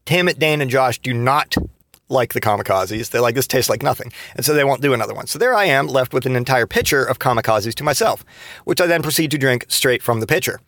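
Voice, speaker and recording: A man's voice: mid-range voice, animated, brisk, a bit bright, no room sound. A man in his thirties telling rambling, profane stories from his past in a casual podcast monologue, full of restarts and fillers. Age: 30s. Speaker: podcast host.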